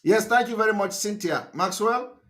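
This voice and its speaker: A man's voice: high-pitched, normal speed, a bit bright. A middle-aged man with a Nigerian English accent giving a live broadcast address, emphatic and repetitive, firing rhetorical questions at his listeners. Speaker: political broadcaster.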